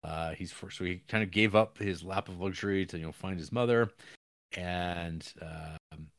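Casually recapping a movie on a podcast, this co-host speaks at normal speed in a fairly low voice, wandering through the plot with lots of fillers and dry, profane jokes. The sound is close-miked and dry, with no echo or sense of a room.

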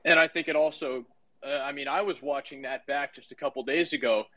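A man's voice: medium pitch, steady tone, fairly quick, sharp tone, poor audio. A man hosting a casual online chat with energy, handing the floor to others by name. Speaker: host.

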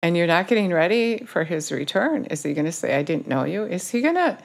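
Lowish and gravelly, her voice moves a little fast in a sing-song way. She delivers a casual sermon, urgently pushing the audience with sharp rhetorical questions.

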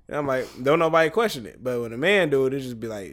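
A man from Detroit with a Detroit accent co-hosting a podcast, telling stories in casual banter, often quiet and low, then bursting louder. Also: lively intonation, fast talker. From Detroit, Michigan. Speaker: podcast co-host.

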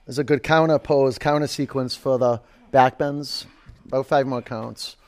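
A man's voice: mid-range voice, fairly even intonation, normal speed. A man in his forties teaching a live yoga class, giving cues and counts with chatty, joking asides. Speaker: yoga instructor.

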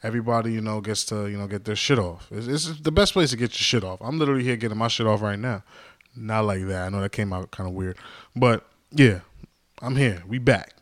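A man's voice: fairly low pitch, brisk, dry recording, clean studio sound. A man hosting a podcast alone, rambling in a casual, jokey and self-mocking way. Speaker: podcast host. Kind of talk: casual solo podcast monologue.

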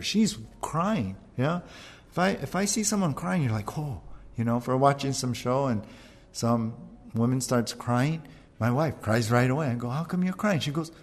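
Animated man preaching in a hall. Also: fairly high pitch. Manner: conversational, animated, keeps asking "right?". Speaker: pastor. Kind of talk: sermon.

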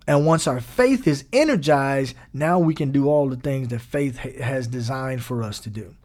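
A man preaching a sermon, animated, repeating phrases and rising to emphatic peaks. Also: medium pitch, measured pace. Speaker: pastor.

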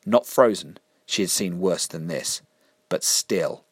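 Deep-voiced man reading a story. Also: expressive, slow, husky, no room sound, clean studio sound. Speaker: narrator.

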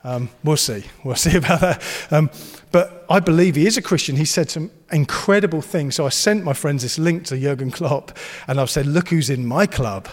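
A man's voice: fairly high pitch, normal speed, hardly any pauses, in a large hall. A man preaching a sermon, earnest and encouraging, and he slips into playful banter. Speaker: pastor.

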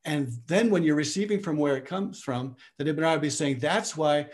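A man's voice: fairly high pitch, a little fast. A man teaching in a lecture with questions from listeners, often restarting his phrases as he searches for words.

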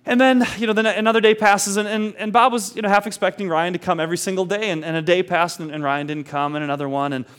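A man telling a story in a relaxed, chatty way, often restarting his sentences and playing out each person's lines as he goes. His voice sits a little high and is smooth and clear. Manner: animated, many restarts, acts out the quoted dialogue. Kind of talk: casual anecdote retelling.

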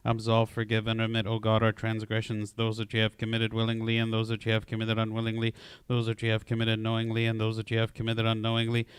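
A man recites liturgical prayers in a steady, flat monotone with almost no rise and fall. His voice is smooth and clean. The sound is dry and close, with no room around it. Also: lowish voice, fast talker, no echo. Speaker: prayer leader.

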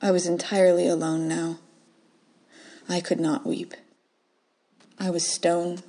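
A woman reading her own first-person short story aloud, soft and measured, dropping to whispers in quiet moments. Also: lowish voice, flat delivery.

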